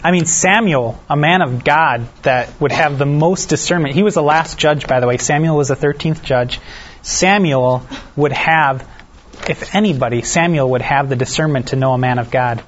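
Relaxed man teaching scripture, lo-fi. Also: on the high side, normal speed. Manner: reads scripture aloud, then explains it in a relaxed, self-deprecating way; asks the listeners questions. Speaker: Bible study teacher. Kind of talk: conversational Bible teaching. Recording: dull lo-fi recording.

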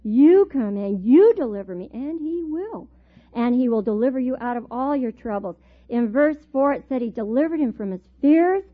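A middle-aged woman with a fairly high voice teaching a Bible class. She tells her stories in an animated way and laughs often. The recording is thin and tinny, like a phone line. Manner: animated storyteller, laughs often while telling.

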